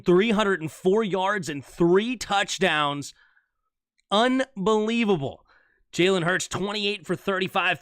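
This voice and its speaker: Bright, high-voiced fan play-by-play man. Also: clean tone, dry recording, clean studio sound. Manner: animated, fast shifts between calling plays and chatting. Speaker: streamer doing play-by-play. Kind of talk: live fan play-by-play commentary.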